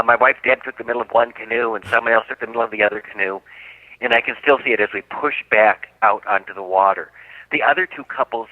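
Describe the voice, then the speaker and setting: This radio guest, an author with a medium-pitched voice, spins an animated story and brings the quotes to life. The recording is dry and sounds like a phone line.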